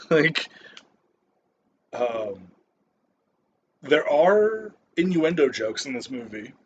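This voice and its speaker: A man's voice: on the high side, very animated, very slow, long pauses, highs cut off, slight background noise. A man giving a casual, rambling movie review, swearing constantly and stopping often for fillers and restarts.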